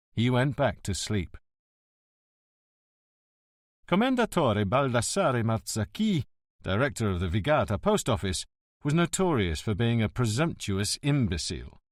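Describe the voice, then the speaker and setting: A male audiobook narrator reads a mystery in a wry, expressive way. His voice moves up and down a lot and sits at an average pitch. The recording is dry and close to the mic. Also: no echo. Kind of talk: scripted narration.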